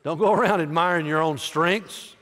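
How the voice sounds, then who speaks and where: A pastor delivers an impassioned sermon, his somewhat high voice surging and then dropping low. The sound is a live recording in a large church sanctuary, and each phrase trails off in a long reverb. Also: moderate pace. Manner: impassioned preaching, rising loud then dropping soft.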